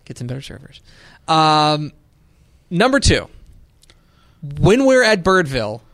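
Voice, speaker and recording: A man co-hosting a casual sports podcast, telling stories with lively energy and acting out what others said. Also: on the high side, measured pace, no echo. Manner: animated storyteller, acts out quoted voices. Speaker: podcast co-host.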